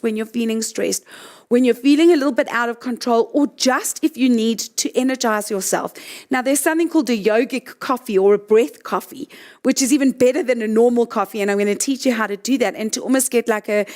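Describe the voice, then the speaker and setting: A middle-aged woman leading a guided breathing talk, gently walking listeners through exercises. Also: sits high. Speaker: breathing coach.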